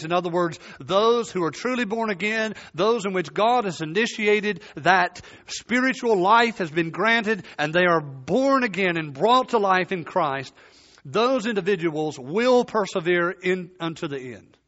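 A man preaching a sermon, emphatic and repeating key phrases, his voice sinking low at the ends of points. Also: expressive, measured pace, a bit bright, muffled recording.

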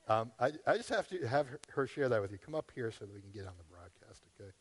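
A man's voice: mid-range voice, big pitch swings, fast talker, breathy edge, in a large hall. A man as pastor, preaching a sermon in a conversational way, often asking the congregation questions.

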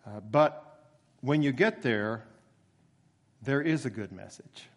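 A male preacher tells his sermon like a story, casual and unhurried, then slows right down to lean on the words that matter. His voice rings out with a long echo, as if from a big church hall, and sits at an ordinary middle pitch for a man. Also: lively intonation. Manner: conversational storytelling with emphatic slowed phrases.

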